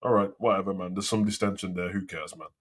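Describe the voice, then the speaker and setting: A man's voice: low-pitched, steady tone, fast talker. A young man hosting a live wrestling talk show, ranting and swearing in casual slang. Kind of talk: casual live commentary and rant.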